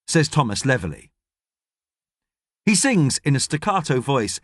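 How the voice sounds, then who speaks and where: A man narrating an audiobook with expressive storytelling. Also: medium pitch, a little slow, no echo, studio quality. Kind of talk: scripted narration.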